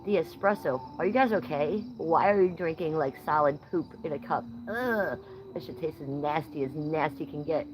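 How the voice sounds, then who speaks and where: There's noise in the background as a livestream host from Ohio, a woman with a low voice, talks at normal speed. She's outdoors at night, casually reading chat comments, blunt and playfully foul-mouthed.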